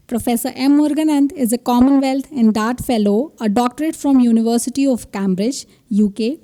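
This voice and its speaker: A woman's voice: a little high, mellow. A woman, the master of ceremonies, reading a formal introduction of a speaker at a podium mic in a ceremony hall. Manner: measured, listing credentials.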